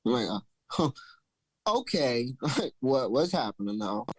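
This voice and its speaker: A man hosting a podcast, telling a story in a loose, animated, profane way. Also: mid-range voice, a little slow, breathy edge, no room sound, poor audio. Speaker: podcast host. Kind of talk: casual storytelling chat.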